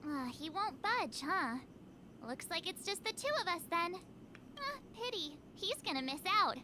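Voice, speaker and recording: An actress voicing an upbeat young woman companion in a game, reading her lines slowly and with careful enunciation. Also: very high voice, very animated, sharp tone, heavily acted. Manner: slow, over-enunciated line reading. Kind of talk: game character dialogue. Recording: game audio with faint background noise.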